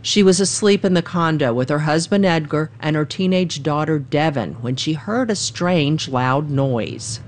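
A woman reporting a news story in a measured, even narration. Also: deep voice, a little hiss or hum.

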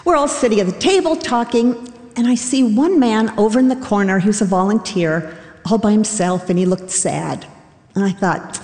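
A woman's voice: medium pitch, normal speed, darkish tone. A middle-aged woman telling a self-deprecating, wry personal story live on a theater stage. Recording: roomy hall reverb.

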